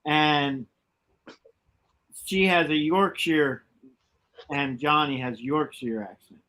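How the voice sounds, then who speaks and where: A man's voice: fairly high pitch, slow pace, bright, forceful tone. A man chatting on a live stream, chiming in with brief, agreeable remarks. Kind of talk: casual live-stream chat.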